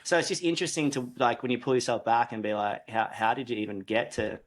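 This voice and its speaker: A man's voice: medium pitch, fairly even intonation, fast. A man hosting a casual interview, reflective and conversational as he shares his own hiring stories. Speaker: host, business coach.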